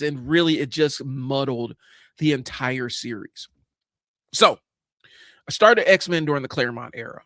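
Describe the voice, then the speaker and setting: A man's voice: medium pitch, unhurried, fairly bright tone, no echo. A man in his forties hosting a livestream, talking casually and bluntly about comics, rambling with many fillers and restarts. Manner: blunt, casual, swears at times. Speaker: livestream host. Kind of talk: casual comic book commentary.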